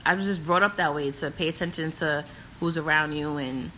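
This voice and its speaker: Young New woman, bright low voice. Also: fairly quick, slight background noise, rough recording. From New York City. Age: young adult. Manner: storytelling, matter-of-fact. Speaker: co-host guest. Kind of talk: casual chat.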